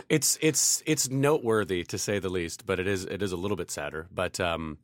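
A man's voice: sits low, moderate pace, no room sound, studio quality. A man chatting casually on a podcast, rambling, restarting his sentences and laughing often. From Canada. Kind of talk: casual chat.

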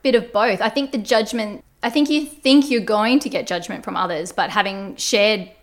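A woman's voice: mid-range voice, normal speed. A woman guest on a podcast, telling a personal story in an earnest, reflective way. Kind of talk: candid conversational storytelling.

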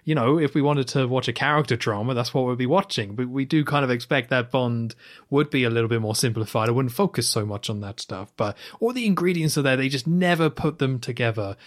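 A man co-hosting a film podcast in casual chat, animated and rambling, with lots of "like"s. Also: mid-range voice, a little fast. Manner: animated, talks in long run-on stretches with many "like"s. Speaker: podcast co-host.

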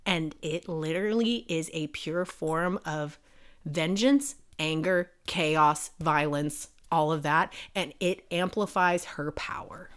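Female co-host, lowish voice, lively casual storyteller recapping a novel. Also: slow pace, clear, resonant tone. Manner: animated retelling, acting out character lines. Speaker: podcast co-host. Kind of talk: casual book review chat.

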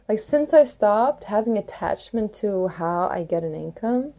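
Mellow, rambling spiritual woman host. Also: mid-range voice, expressive, unhurried, hardly any pauses. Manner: rambling, reflective, many "like"s, playful rhymes. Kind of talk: reflective spoken monologue.

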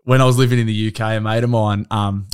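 A man's voice: fairly low pitch, fairly even intonation, fast talker, clean tone. Dry, teasing man. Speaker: podcast co-host. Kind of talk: casual chat.

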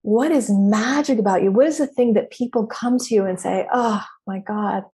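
A woman's voice: on the high side, brisk, mellow. Woman coach on a podcast, emphatic and preachy, swears casually while she hypes you up. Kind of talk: motivational podcast talk.

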